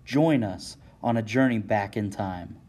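A man's voice: on the low side, unhurried, a little mellow. Man narrating a dramatic story. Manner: dramatic second-person storytelling.

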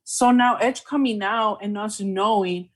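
A woman co-hosting a podcast in casual chat, talking in an excited, emotional way and laughing often. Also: mid-range voice, a little slow. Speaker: podcast co-host.

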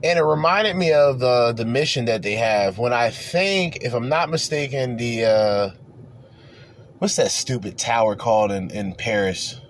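A man's voice: medium pitch, unhurried, a little hiss or hum. Loose, rambling man co-hosting. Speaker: podcast co-host. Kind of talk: casual chat.

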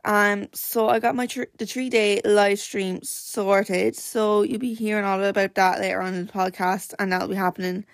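A woman's voice: medium pitch, fairly even intonation, normal speed, few pauses, dry recording, studio quality. Chatty Irish woman telling a story. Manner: rambling, full of "like" and self-corrections. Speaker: podcast host.

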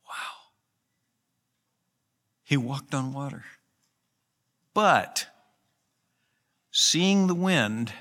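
Bright-voiced earnest preaching man. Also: mid-range voice. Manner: earnest, conversational preaching with emphatic rises. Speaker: pastor. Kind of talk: sermon. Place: church.

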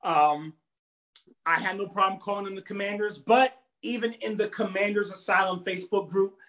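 A man from Virginia in a casual chat, telling stories in an animated, emphatic way. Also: sits high, normal speed. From Virginia, United States. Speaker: podcast guest.

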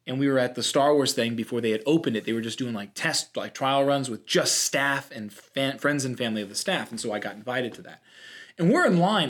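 A young man co-hosting a podcast, chatting casually and telling a story with lively slips into put-on voices. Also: medium pitch. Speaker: podcast co-host. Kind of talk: casual chat.

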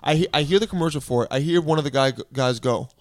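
A young man telling a story on a podcast in a casual, animated way, acting out other people's voices. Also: fairly high pitch, quick pace, no room sound. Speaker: podcast guest.

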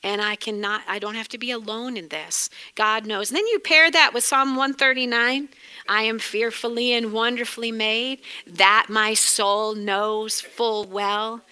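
A middle-aged woman with a New England accent teaching a sermon in a chatty way, laughing often and breaking into lively exclamations. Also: a little high, a little slow, clean tone. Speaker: Bible teacher.

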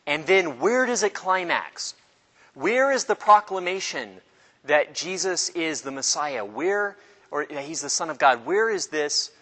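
Animated man teaching in a reverberant hall. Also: fairly high pitch, measured pace. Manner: animated, jokey, acts out voices of people in the story. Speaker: Bible study teacher. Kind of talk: informal classroom lecture.

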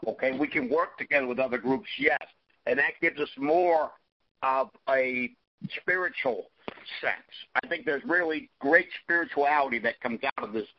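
A man sharing in a group discussion, halting, with many fillers and frequent "okay?" check-ins. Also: medium pitch. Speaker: recovery meeting participant. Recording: dull lo-fi audio.

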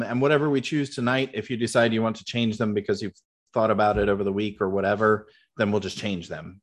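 A man running a tabletop game as game master, explaining rules patiently with lots of fillers. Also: mid-range voice.

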